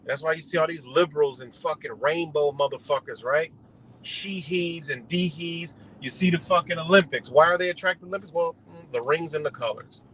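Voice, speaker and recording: A man's voice: fairly high pitch, quick pace, few pauses, fairly bright tone, a little hiss or hum, low-quality recording. A man doing a rambling, profane political rant on a livestream, talking outdoors beside a road. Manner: heated, rambling, heavy swearing. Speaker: livestream host.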